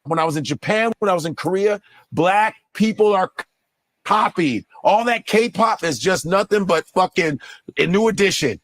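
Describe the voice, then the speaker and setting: A comedian guest in casual chat, talking in an animated, profane way. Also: male voice, high-pitched, normal speed, no room sound. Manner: animated, profane, slips into mock voices.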